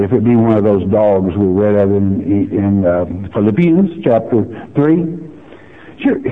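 A man teaching a sermon on Bible verses in a folksy, emphatic way, often asking the listener questions. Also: mid-range voice. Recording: tinny phone-like radio broadcast.

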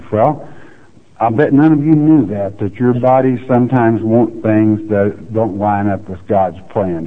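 Male preacher, unhurried delivery, joking asides, thin phone-like recording. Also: medium pitch. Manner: folksy, teasing asides. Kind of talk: verse-by-verse Bible teaching. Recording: tinny phone-like audio.

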